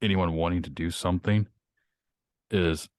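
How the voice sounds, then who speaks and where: A man's voice: low voice, fairly even intonation, normal speed, darkish tone, dry recording, studio quality. A man hosting a podcast, ranting bluntly with lots of swearing in casual chat. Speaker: podcast host.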